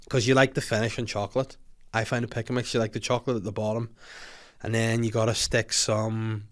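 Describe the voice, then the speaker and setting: A young man with a Northern Irish accent hosting a comedy podcast, rambling and jokey with crude asides. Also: medium pitch. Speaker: podcast host. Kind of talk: casual comedic chat.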